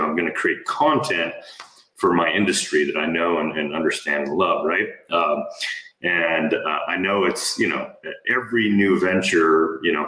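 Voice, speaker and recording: Deep-voiced podcast host. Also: male voice, echoey room, rough recording. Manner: relaxed, admiring, many fillers. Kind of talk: casual interview.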